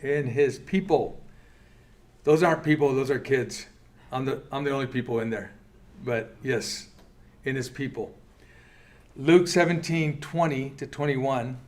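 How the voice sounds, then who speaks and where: A man teaching a Bible class in church, reading scripture aloud and adding quick, earnest asides to the group. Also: medium pitch, a little mellow. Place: church meeting room.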